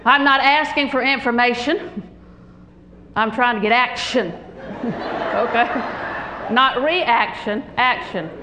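An older woman preaching a sermon, animated and humorous, telling stories with frequent laughter. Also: on the high side, slow, pauses often, echoey room, a little hiss or hum, rough recording.

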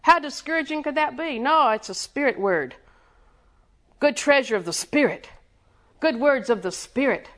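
A woman delivers a sermon in a somewhat high, slightly bright voice, expressive and at a moderate pace. She builds her points through rhythmic repetition, asks the congregation questions and answers them herself, and lets short chuckles fall between points.

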